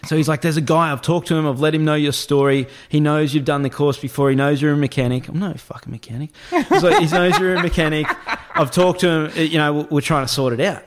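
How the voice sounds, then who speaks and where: Animated Australian man telling a story. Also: on the high side, fast talker, few pauses. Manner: animated, acts out other people's voices, swears freely. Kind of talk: casual storytelling chat.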